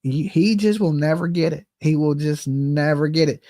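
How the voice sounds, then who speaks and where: A man's voice: fairly high pitch, normal speed, dark tone, dry recording, clean studio sound. A man with a Southern US accent giving a heated reaction rant as a channel host, repeating himself and tossing in "okay?". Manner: heated, repetitive, keeps asking "okay?". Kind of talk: ranting reaction commentary.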